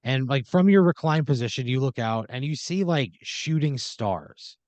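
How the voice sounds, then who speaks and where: A man's voice: medium pitch, expressive, moderate pace, darkish tone, dry recording. Man spinning a rambling improv story. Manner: rambling, profane, second-person narration with many fillers. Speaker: podcast co-host.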